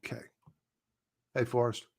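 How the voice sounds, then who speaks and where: A man's voice: unhurried, darkish tone. A man hosting a live stock-trading stream, talking casually and bluntly, scoffing at headlines and repeating his points for emphasis. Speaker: livestream stock trading host. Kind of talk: casual live market commentary.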